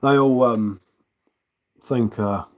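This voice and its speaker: A man's voice: mid-range voice, slow, noisy background. Chatty Sussex man rambling on a livestream. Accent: Sussex English mixed with a London tinge. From Sussex, England. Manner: rambling, chatty, matey and loose. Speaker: livestream host. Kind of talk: casual live-stream chat.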